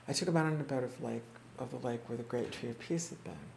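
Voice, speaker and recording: A teacher speaking to a small class, retelling stories in a reflective, unhurried way, acting out the quoted voices and often restarting words. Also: medium pitch, vocal fry, darkish tone, slight background noise. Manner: halting restarts and repeated words. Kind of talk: storytelling talk to a small group. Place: indoor room with a small group.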